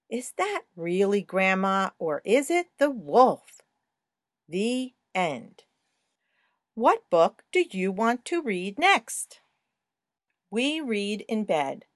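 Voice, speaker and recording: A woman giving a slow, scripted language lesson in a clear, sing-song teaching voice. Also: medium pitch, no echo, studio quality.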